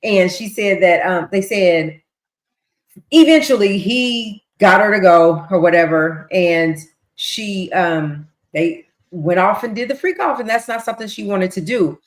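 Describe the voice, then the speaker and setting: Speaking a little slowly at medium pitch, a livestream host casually retells court testimony, acting out quotes and throwing in ad-libs. Her chatty recap carries a roomy echo.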